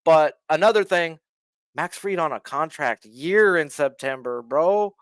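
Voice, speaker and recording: Male guest, high voice, profane slangy betting talk, dry mic. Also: lively intonation, unhurried, smooth, dry recording. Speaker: podcast guest. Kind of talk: casual betting chat.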